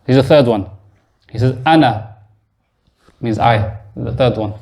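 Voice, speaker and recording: A man's voice: medium pitch, a little slow, gravelly, warm tone. A male teacher giving a classroom lesson to beginners, explaining step by step and quizzing his students as he goes. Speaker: Arabic teacher. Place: mosque classroom.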